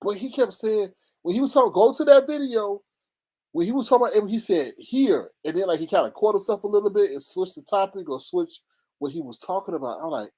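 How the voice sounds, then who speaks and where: A fast-talking man with a high voice runs a livestream of casual gossip commentary. He works through the chat, animated and dramatic, and laughs frequently.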